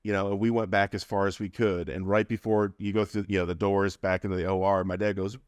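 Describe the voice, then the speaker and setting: A man's voice: low-pitched, little pitch movement, fast talker, dry recording. A middle-aged man telling a personal story in a conversational, humorous way, laughing between phrases. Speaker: interview guest.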